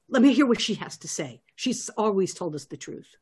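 A woman's voice: medium pitch, expressive, moderate pace, hardly any pauses, darkish tone, breathy edge. A woman playing a tabletop game, asking earnest, probing questions in character. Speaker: player.

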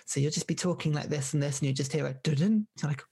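A man's voice: a little high, quick pace, dark tone, husky. A man co-hosting a podcast, joking wryly and laughing often in casual chat. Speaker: podcast co-host.

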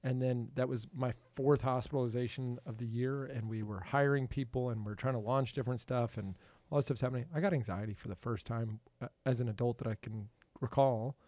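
A man hosting a podcast in casual chat, animated and laughing often. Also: medium pitch, fairly quick, few pauses, no room sound. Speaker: podcast host.

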